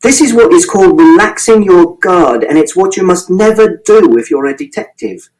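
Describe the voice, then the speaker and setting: A man's voice: high-pitched, lively intonation, normal speed, a little mellow, low-quality recording. A man reading a first-person audiobook in a precise, literal, matter-of-fact way. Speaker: audiobook narrator.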